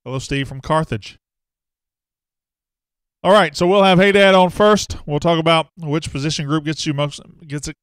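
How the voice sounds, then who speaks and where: A man hosts a loose, rambling sports talk stream, greeting viewers and joking at his own expense. His voice is smooth and resonant, recorded dry and close. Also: a little high, normal speed, pauses often, a bit bright, no room sound. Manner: rambling, self-deprecating, reads viewer comments aloud. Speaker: sports show host.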